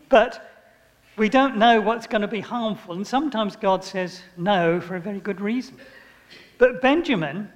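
An older man preaching, his voice sitting high for a man. He tells homely stories, chuckles and acts out little scenes. His words ring on with a long echo of a church hall. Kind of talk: sermon.

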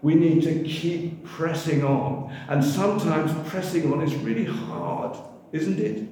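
Slow older preacher in an echoey hall. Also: male voice, on the high side, far from the mic. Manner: slow, emphatic preaching with call-and-response shouts. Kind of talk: sermon. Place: large echoey church hall. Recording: echoey hall, faint room noise.

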